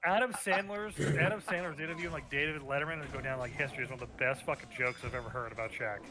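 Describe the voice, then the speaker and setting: A man's voice: medium pitch, quick pace, crowd noise. A man in casual stream chat, retelling a joke in a rambling, profane way.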